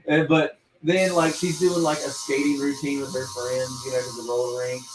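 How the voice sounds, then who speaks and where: A man's voice: medium pitch, flat delivery, moderate pace. A man casually retelling TV episodes in a rambling way, full of "like" fillers, in a tattoo studio. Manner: rambling storyteller, lots of "like" fillers, frequent laughter. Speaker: tattoo artist. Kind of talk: casual chat. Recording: echoey room, mic at a distance, faint noise.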